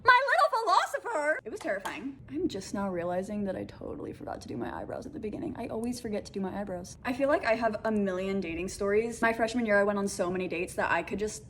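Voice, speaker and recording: A young adult woman telling a dating story to the camera in casual chat, animated and full of "like" fillers. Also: medium pitch, fast talker, hardly any pauses, slight background noise. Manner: animated, acts out voices in quotes, many "like" fillers.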